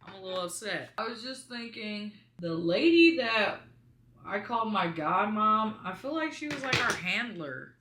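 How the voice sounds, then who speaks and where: Bright, chatty young woman in a roomy room. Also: mid-range voice, moderate pace, a little hiss or hum. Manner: chatty, rambling, lively asides to viewers. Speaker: beauty vlogger. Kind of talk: casual storytime chat while doing makeup. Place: small room at home by a window with blinds. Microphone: camera in front of her.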